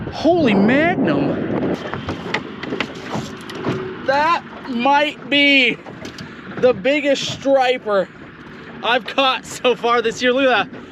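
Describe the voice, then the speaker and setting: A high-voiced man with a drawl narrates his fishing trip from a boat on a lake, laughing and exclaiming to his viewers. His pitch leaps around with excitement while he takes his time between words. Wind and boat noise sit clearly under the voice. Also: extremely slow, long pauses. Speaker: fishing vlogger. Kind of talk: excited fishing vlog commentary. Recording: noisy outdoor boat recording.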